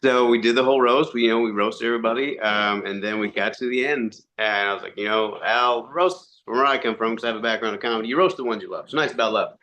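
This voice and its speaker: A man, a podcast guest, telling animated stories in casual chat, acting out quotes and swearing freely. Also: fairly low pitch, fast talker, hardly any pauses. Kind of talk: casual storytelling interview.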